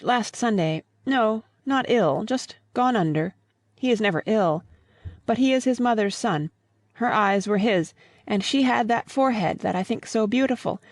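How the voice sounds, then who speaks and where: A woman's voice: a little high, no room sound, clean studio sound. A woman reading the part of a grieving old father in an audiobook, earnest and pleading.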